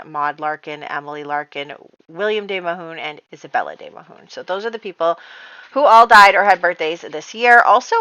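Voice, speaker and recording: Giggly woman chatting through her sims game, bright voice, dry kinda dull audio. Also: on the low side, dry recording. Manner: chatty, giggly, heavy use of "like". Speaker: game let's-player. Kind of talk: casual gameplay commentary.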